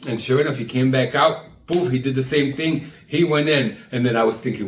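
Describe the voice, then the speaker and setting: A man's voice: mid-range voice, fast, hardly any pauses, distant mic, slight background noise. Storytelling man in an echoey room. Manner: animated, acts out the people in his story; trails off and restarts. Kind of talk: personal storytelling.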